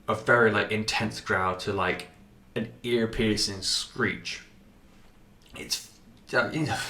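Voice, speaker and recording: A man's voice: lowish voice, fairly bright tone, reverberant, far from the mic. A man hosting a podcast, giving a rambling, sweary music review with lots of fillers and restarts, and a runny nose. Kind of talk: casual music review monologue.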